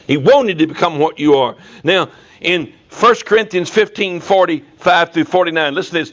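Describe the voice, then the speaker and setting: A man's voice: on the high side, a little fast, fairly bright tone, muffled recording. A man preaching to a congregation, telling stories in a folksy way and rising now and then to emphatic bursts. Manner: folksy storytelling with sudden emphatic rises. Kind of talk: sermon. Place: church before a congregation.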